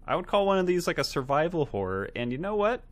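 A man's voice: fairly high pitch, very animated, fast. A man co-hosting a movie podcast, easygoing and enthusiastic in casual chat. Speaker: podcast co-host.

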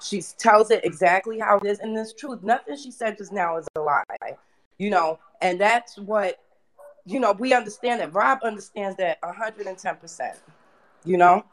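Woman host, preachy and energetic, casual live-chat talk. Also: mid-range voice, moderate pace. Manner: energetic, preachy, with frequent fillers and laughs.

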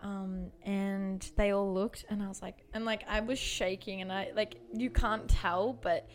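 A young Australian woman co-hosting a casual podcast. She tells her stories with animated energy, swearing freely and filling in with ums and likes. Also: medium pitch, unhurried. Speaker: podcast co-host. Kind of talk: casual chat.

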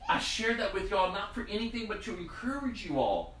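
A man's voice: sits high, big pitch swings, brisk, fairly bright tone, roomy sound, recorded from a distance, slight background noise, low-quality recording. A man preaching a sermon in a conversational, storytelling way. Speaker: pastor.

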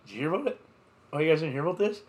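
A man's voice: a little high, expressive, rapid-fire, darkish tone. A man co-hosting a podcast, telling a festival story in a rambling, filler-heavy way with plenty of swearing. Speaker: podcast co-host. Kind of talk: casual chat.

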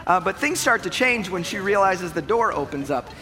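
Bright-voiced man preaching in a big hall. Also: sits high, moderate pace, soft background music. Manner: energetic, conversational preaching with asides to the audience. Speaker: pastor. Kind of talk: sermon.

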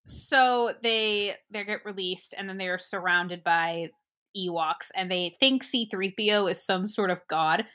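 Bright-voiced woman recapping a film. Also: mid-range voice, measured pace. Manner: animated storytelling, laughs often. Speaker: podcast co-host. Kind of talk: casual chat recapping a film.

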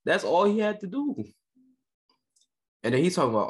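Man ranting heatedly with animated pitch. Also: normal speed. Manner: heated, scolding, swearing freely. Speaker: podcast co-host. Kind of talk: profane sports rant.

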